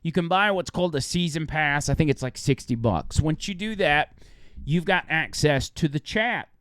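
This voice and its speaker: A man's voice: moderate pace, clean tone, dry recording, studio quality. A man co-hosting a radio show, casually chatting and telling stories animatedly. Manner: animated storytelling, high voice for quoted women. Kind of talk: casual chat.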